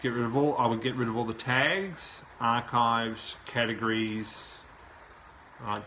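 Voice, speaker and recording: A man's voice: fairly low pitch, bright, forceful tone, slight background noise, rough recording. A man hosting a live show, reviewing a website aloud and giving plain, direct advice. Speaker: SEO consultant host. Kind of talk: live website review, talking while browsing.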